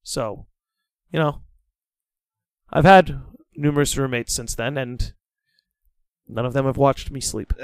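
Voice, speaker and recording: Animated young man telling a story. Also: medium pitch, slow, long pauses, smooth, no room sound. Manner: animated, dramatic, swears freely. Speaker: podcast guest. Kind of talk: casual storytelling chat.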